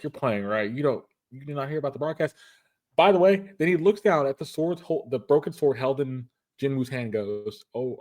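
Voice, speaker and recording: A man hosting a casual show, retelling an anime episode in a rambling way with many restarts. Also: medium pitch. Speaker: podcast host.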